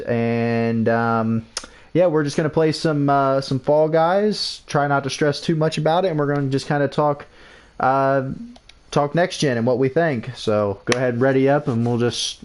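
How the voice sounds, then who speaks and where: A man with a fairly high pitch and a darkish tone hosts a casual livestream. He talks loosely, often repeating words and restarting his sentences.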